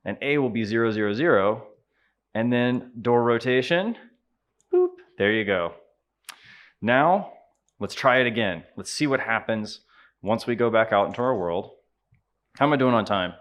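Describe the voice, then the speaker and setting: A man with a Southern US accent giving a live conference tutorial, upbeat and chatty, joking with the audience as he runs a software demo. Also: medium pitch. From Southern United States. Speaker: conference presenter.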